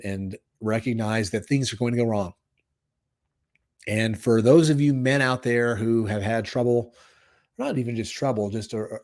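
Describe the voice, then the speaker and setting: A man hosting a live podcast episode, speaking in a strained, hoarse voice. He sounds earnest and emotional, rambles a little and often restarts his sentences. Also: lowish voice, darkish tone. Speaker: podcast host. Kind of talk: live motivational monologue. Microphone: live stream microphone.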